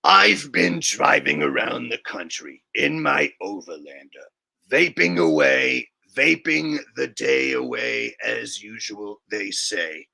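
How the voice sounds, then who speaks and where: A man's voice: medium pitch, expressive, slow pace, vocal fry, sharp tone, pitched below the performer's own voice, full character voice. A man putting on a Boston accent as a paranoid, rambling stoner in a comic improvised monologue. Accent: put-on Boston.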